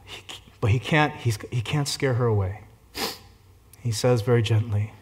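Male pastor delivering a sermon, mid-pitched, moves between soft gentle stretches and rising fervent peaks. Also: moderate pace, pauses often. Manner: swings between gentle hushed passages and loud fervent climaxes.

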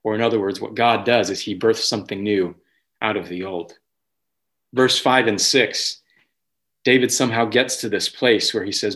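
A man's voice: on the low side, steady tone, moderate pace, a bit bright. A man preaching a sermon to his church, earnest and searching, often restarting phrases and lifting his voice when he speaks a prayer aloud. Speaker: pastor.

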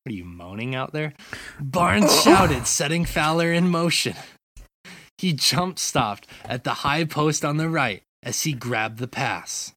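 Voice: medium pitch, expressive, fairly bright tone, no echo, studio quality. A podcast co-host who teases the others and reads out a comedy sports skit. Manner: slow, teasing delivery. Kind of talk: casual chat and reading a comedy skit.

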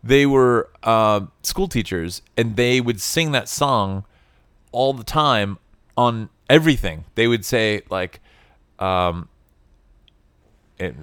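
A man's voice: medium pitch, animated, measured pace, a bit bright, clear, resonant tone, no room sound, studio quality. A man co-hosting a casual film podcast. He is blunt and opinionated and swears freely as he chats. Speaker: podcast co-host.

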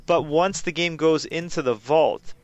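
A man's voice: on the high side, measured pace, muffled recording. An American man hosting a gaming podcast, chatting casually and reading listener emails aloud. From United States. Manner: lively, reads questions aloud. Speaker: podcast host.

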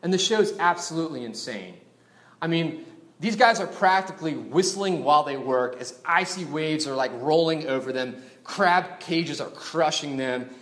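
A man's voice: fairly high pitch, moderate pace, roomy sound. A man preaching a sermon in a chatty way, often asking the listeners rhetorical questions. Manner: conversational, animated, asks rhetorical questions. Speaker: pastor.

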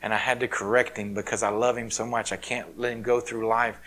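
A man's voice: medium pitch, flat delivery, a little fast, fairly bright tone. A man preaching a sermon, telling a personal story in a conversational, self-deprecating way. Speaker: pastor.

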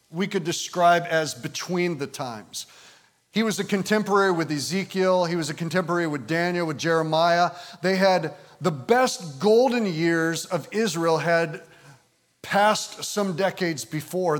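A man in his fifties, a pastor, preaching a conversational sermon with frequent "and, uh" fillers, slowing down to read scripture. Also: high-pitched. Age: 50s. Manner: slows and lifts his voice when reading scripture. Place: visiting church service in the evening.

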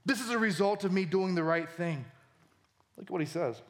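A male pastor preaching a sermon with animated emphasis, his voice climbing for key points. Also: a little fast. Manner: animated, voice rising high for emphasis.

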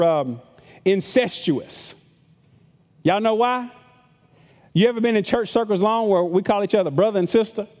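A man's voice: high voice, darkish tone, big-room sound. A middle-aged man pastor preaching a conversational sermon to his congregation, repeating words and acting out the voices of critics. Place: church sanctuary with long reverb.

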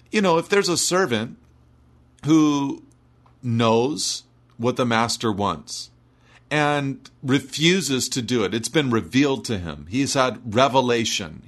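Male preacher, medium-pitched voice, emphatic expository sermon. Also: fairly bright tone.

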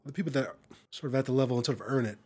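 A man's voice: medium pitch, very fast, darkish tone, breathy edge. A man co-hosting a podcast in casual conversation, loose and rambling, full of "you know" and "I mean" asides. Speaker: podcast co-host, improv performer.

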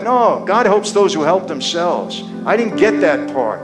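Speak as a man with a high voice giving a heartfelt testimony from a stage. Talk straight to the crowd, call them "people," and hold your pauses for weight, with music playing softly underneath. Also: big pitch swings. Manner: addresses the audience directly as "people", with dramatic pauses. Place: stage before an audience.

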